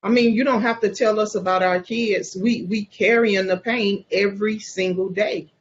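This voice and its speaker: A woman's voice: medium pitch, steady tone, moderate pace, highs cut off, slight background noise. A bereaved mother speaking in an interview, earnest and repetitive, often restarting her sentences. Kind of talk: emotional interview testimony.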